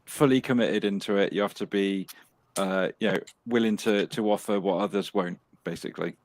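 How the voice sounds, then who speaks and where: A man's voice: lowish voice, a little fast. A man chatting as a guest on a casual podcast, earnest and matter-of-fact.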